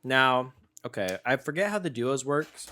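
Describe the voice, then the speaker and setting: A man's voice: medium pitch, lively intonation, a little slow, bright, forceful tone, slight background noise. A young man co-hosting a snack-tasting podcast, chatting casually and joking around with frequent laughs. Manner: playful, jokey, laughs often. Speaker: podcast co-host.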